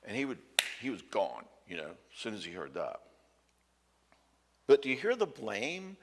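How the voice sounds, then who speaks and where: A man's voice: medium pitch, fairly bright tone. A man giving a conversational talk at a marriage conference, acting out quoted dialogue and checking in with the audience. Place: church hall. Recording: hall reverb from a church hall.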